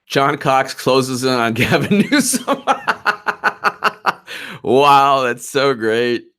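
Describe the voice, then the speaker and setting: In a clean, fairly bright, medium-pitched voice, a very animated man speaks at a slow pace while running a political commentary livestream. He reacts to polls and reads chat live, giggling, mocking and often laughing.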